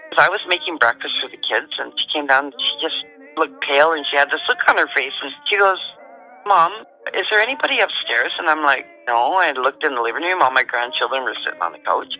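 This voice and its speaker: Calm, bright-voiced woman storyteller. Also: low voice, low-quality recording. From Canada. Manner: calm, matter-of-fact storyteller. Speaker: guest. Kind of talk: telling a personal story.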